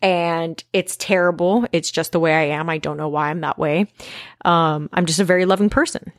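A woman's voice: low-pitched, fairly even intonation, normal speed, no echo, studio quality. A woman in her twenties talking candidly to camera in a casual confessional monologue, emphatic and swearing freely. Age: 20s. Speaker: vlogger.

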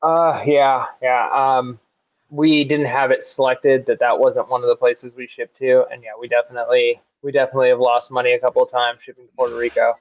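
A man co-hosting a podcast answers with short, easy agreement. His voice sits at a middle pitch. The sound is dry and a bit muffled. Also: level tone, a little fast, no echo. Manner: brief, agreeable replies. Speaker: podcast co-host.

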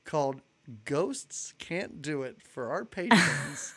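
A man's voice: fairly high pitch, expressive, slow, fairly bright tone, husky. A man co-hosting a podcast in casual chat, laughing often as he runs through upcoming episodes. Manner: chatty, laughs often, announces schedule. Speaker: podcast co-host.

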